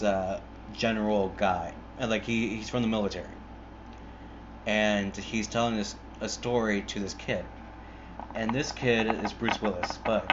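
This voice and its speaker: A man's voice: fairly low pitch, muffled recording, noisy background. Rambling, foul-mouthed young man. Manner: rambling, heavy swearing, many fillers and restarts. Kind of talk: casual retelling of a film.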